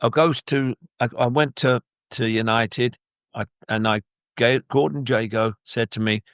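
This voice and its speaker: An older former footballer tells long, rambling stories in an interview, animatedly acting out other people's lines. His mid-range voice is smooth and a little slow, captured in a dry, clean studio recording.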